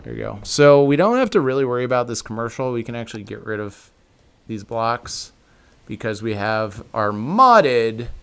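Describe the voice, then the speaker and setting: A man's voice: medium pitch, sing-song, normal speed, gravelly, fairly bright tone, smooth. A man giving casual gameplay commentary for a building tutorial, chatting to viewers and thinking aloud as he corrects himself. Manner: chatty, talks to viewers as "guys". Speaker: video game tutorial creator.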